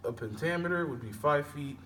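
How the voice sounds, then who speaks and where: A man teaching poetry meter, explaining slowly with pauses and self-corrections. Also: fairly high pitch, lively intonation, pushed and bright. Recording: distant mic with faint background noise.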